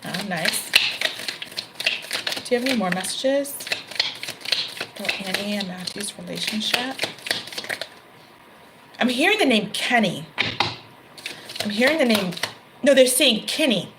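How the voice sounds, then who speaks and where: A woman's voice: mid-range voice, lively intonation, unhurried, long pauses, heavy background noise. Chatty woman reading tarot over shuffling cards. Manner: chatty, laughs often, corrects herself mid-sentence. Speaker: tarot reader. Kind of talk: live tarot reading, casual chat. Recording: card shuffling and clicks behind voice.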